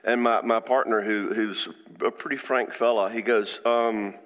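A man speaking as a counselor, giving an informal faith-based teaching talk in a conversational, halting way with frequent restarts. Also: fairly low pitch, fairly even intonation, fairly bright tone, in a large hall.

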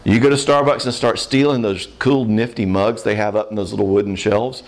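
A man giving a humorous marriage seminar talk, animated and often checking in with "all right?". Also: on the low side, a little fast.

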